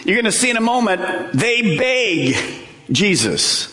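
A pastor preaches with a high, lively voice, pressing his points hard and slipping in jokes for the congregation. His voice rings out with a long echo through a large church hall. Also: unhurried. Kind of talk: sermon. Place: church sanctuary.

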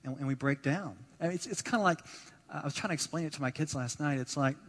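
A man preaching a sermon as pastor, animated, acting out the voices of the people he quotes and repeating words as he builds his points. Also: fairly high pitch, quick pace, a little hiss or hum. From United States. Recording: long hall reverb.

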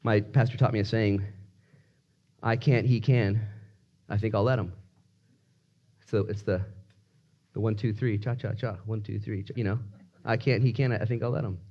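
A man preaching a sermon, telling personal stories and acting out quotes, with sudden swings between loud bursts and hushed asides. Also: lowish voice, fairly even intonation, moderate pace, long pauses, dull audio. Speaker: pastor.

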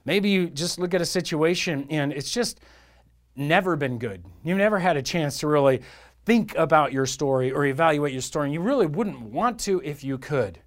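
A middle-aged pastor delivers a relaxed sermon and talks to his listeners like old friends. His voice sits a little high for a man. He is folksy, playful and conversational. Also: normal speed. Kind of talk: casual storytelling sermon.

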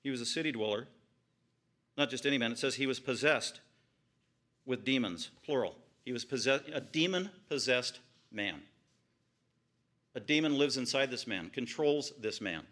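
A man preaching a verse-by-verse sermon, retelling the story vividly with piled-up phrases and sudden swings from quiet murmurs to high exclamations. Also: lively intonation, normal speed, pauses often. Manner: retells scripture vividly, piling up repeated phrases. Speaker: pastor. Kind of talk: expository sermon.

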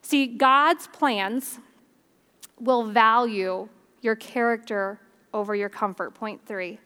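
A woman's voice: fairly high pitch, steady tone, slow, bright, forceful tone, smooth. A woman preaching a sermon at a church service in an earnest, conversational way.

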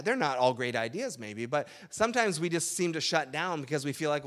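A man with a high-pitched voice delivers a sermon as a pastor. He preaches in a conversational tone and often checks in with "right?". At times he softens his voice to speak the words of weary people. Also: animated, a little fast, hardly any pauses.

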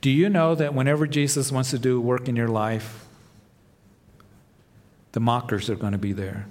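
Male pastor, mid-pitched voice, sermon delivery with dramatic swells, church hall reverb. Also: fairly even intonation, normal speed. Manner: preaching with rising emphasis and soft dramatic drops. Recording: long reverb of a large hall.

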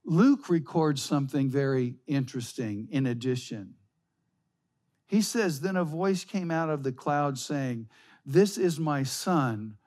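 A man preaching a sermon, slow and emphatic, reading scripture aloud. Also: mid-range voice, darkish tone. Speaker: pastor.

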